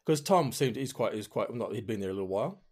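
Australian man, podcast host, rapid chatty storytelling, lowish voice. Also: animated, darkish tone. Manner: quick, chatty, laughing storyteller. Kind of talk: casual chat.

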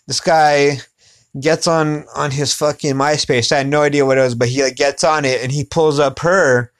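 A young man with a voice on the high side hosts a podcast, chatting casually at normal speed in a steady tone. He rambles, swearing a lot and using plenty of filler phrases.

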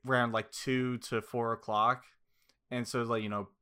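A man chatting casually while watching a movie, joking and acting out characters in quick quoted lines. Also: medium pitch, flat delivery, pushed and bright, clean tone. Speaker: co-host of a movie reaction. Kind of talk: casual chat.

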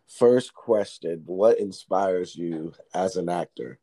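A woman interviewer asking brief, halting questions. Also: a bass voice, mellow.

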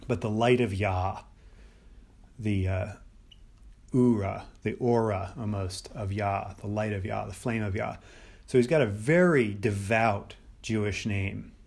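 Low-voiced man musing through a Bible lesson. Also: gravelly, a little mellow. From United States. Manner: rambling, thinks aloud with many restarts and fillers. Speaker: podcast host teaching on the Bible. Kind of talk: unscripted Bible teaching talk.

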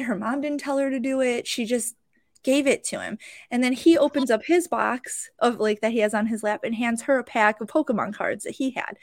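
A young adult woman talks through a story from behind the vendor's table, animated and emotional, tripping over her words as she goes. Her voice sits a little high. The sound is dry, with no room echo. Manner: animated, emotional, with many fillers and restarts. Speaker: podcast host and card show vendor. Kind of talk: casual storytelling.

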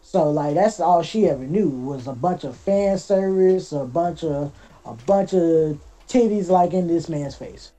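A man's voice: fairly high pitch, lively intonation, measured pace, mellow, faint music behind. A young man co-hosting a podcast in casual chat, rambling with lots of fillers and restarts. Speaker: podcast co-host.

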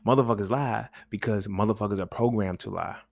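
A man's lowish, gravelly voice moves at a brisk clip as he hosts a podcast, rambling through a slang-filled, profane monologue and frequently asking "you feel me." No room sound is audible.

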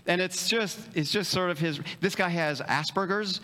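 A male pastor preaches a casual, joking sermon in a fairly high, steady voice that is pushed, bright, clear and resonant. He talks conversationally, restarting and stammering often, and acts out quick bits of dialogue in livelier voices.

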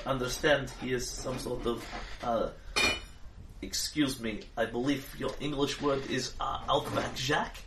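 A man voicing a fussy, polite male Academy scientist, speaking in halting, stiff, formal phrases. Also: medium pitch, steady tone, natural voice. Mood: flustered. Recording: echoey room, distant mic, faint noise.

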